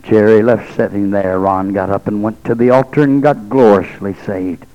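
A man's voice: on the low side, steady tone, normal speed, dark tone, muffled recording. A male preacher telling a story in a revival sermon, in a rhythmic preaching cadence with frequent "uh" between phrases.

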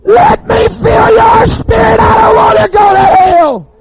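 A man's voice: very high voice, steady tone, unhurried, gravelly, shouting, muffled recording, a loud crowd, very noisy, voice pushed up, heavily acted. A man voicing a desperate young man who screams and cries out to God for mercy. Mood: anguished screaming. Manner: screaming and crying.

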